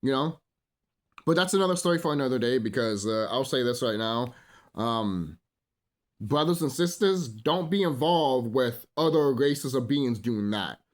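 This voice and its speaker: A man's voice: mid-range voice, animated, moderate pace. A man hosting his own channel, talking in a rambling, emphatic monologue full of swearing and repeated "you know?" asides. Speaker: channel host. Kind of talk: casual unscripted monologue.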